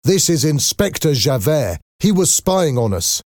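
Eager young rebel, accusing, raised pitch , read by a man. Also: sing-song, a little slow, darkish tone, dry recording, clean studio sound.

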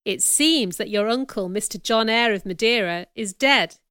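A woman reading the lines of a stern, earnest young male clergyman in an audiobook, in a calm and low-key way. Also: moderate pace, clear, resonant tone, no echo, clean studio sound.

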